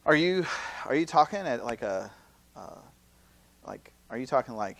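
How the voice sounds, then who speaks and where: A campus minister in his thirties giving a conversational teaching talk at a youth seminar, full of rhetorical questions and quick acted-out quotes. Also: medium pitch, creaky. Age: 30s. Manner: acts out quoted speakers in lively asides.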